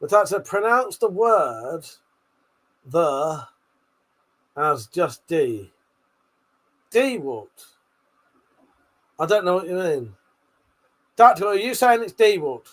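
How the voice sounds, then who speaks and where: A man's voice: high voice, sing-song, slow pace, pauses often. A man hosting a live stream, laughing and swearing as he reads out viewer comments. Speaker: livestream host. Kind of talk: casual live-stream chat.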